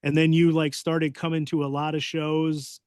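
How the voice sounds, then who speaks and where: A man's voice: a little high, normal speed, smooth, no echo, clean studio sound. A man hosting a podcast, telling stories in casual chat and acting out quoted voices with gusto. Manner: animated storyteller, acts out quoted voices loudly. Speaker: podcast host.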